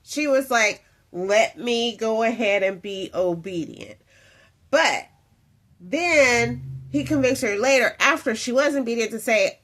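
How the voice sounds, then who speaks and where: Slow, reflective woman giving faith commentary. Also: fairly high pitch, a bit bright. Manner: reflective and unhurried, with many fillers and asides. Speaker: host commenting on a clip.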